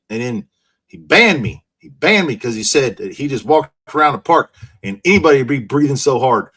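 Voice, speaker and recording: Man, casual chat on a call, swears a lot, rambling anecdotes, sharp bright tone. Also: medium pitch, lively intonation, fairly quick, breathy edge. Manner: profane, rambling storyteller.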